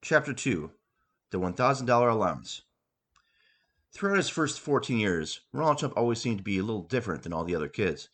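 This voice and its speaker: A man hosting a podcast, reading his own comic story aloud with wry, deadpan narration. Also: on the low side, a little fast. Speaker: podcast host and author.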